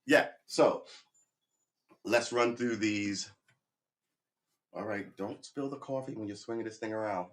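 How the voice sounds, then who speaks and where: A middle-aged man with a slightly low voice chats loosely on a livestream from his sofa at home. He rambles, pokes fun at himself and swears his way through pep talk between bits of guitar practice, close to a desk microphone. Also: unhurried, pauses often. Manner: rambling, self-deprecating, profane pep talk. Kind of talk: casual livestream chat.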